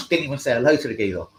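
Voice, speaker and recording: A man hosts a live stream and chats about football, rambling and swearing a lot. He gets excitable, and his voice sits at an ordinary middle pitch. A faint hum of noise runs behind him. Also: rough recording.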